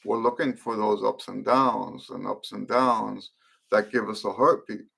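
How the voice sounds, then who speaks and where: A middle-aged man teaching trumpet players in a live-stream Q and A, explaining in a thoughtful, unhurried way with fillers and restarts. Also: lowish voice, steady tone, vocal fry, fairly bright tone, breathy edge.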